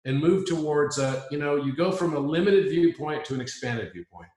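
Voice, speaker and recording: A man's voice: fairly high pitch, animated, normal speed, a little mellow. A man as an interview guest, earnestly musing on spiritual ideas and restating his points. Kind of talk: reflective spiritual conversation. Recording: roomy echo.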